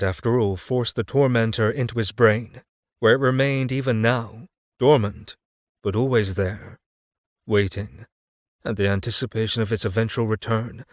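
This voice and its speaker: Male audiobook narrator, low voice, measured dark delivery, dry close sound. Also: no room sound.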